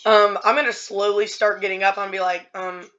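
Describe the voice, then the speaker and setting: Woman player, casual and emotional, bright tone, dull recording. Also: medium pitch, level tone, moderate pace. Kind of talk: casual tabletop play.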